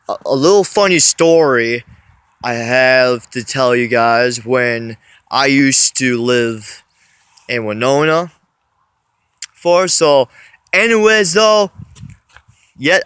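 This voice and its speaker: A man vlogging into his phone, telling a story in a rambling way full of restarts. His voice is bright and clear, a touch above typical pitch. The sound is dry and close. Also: no echo. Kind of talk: casual storytelling vlog.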